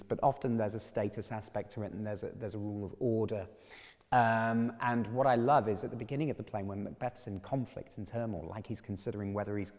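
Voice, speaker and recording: A British actor explains his part with eager enthusiasm. His voice sits a little low, and it carries a long reverb from a large hall. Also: darkish tone. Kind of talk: discussing a play.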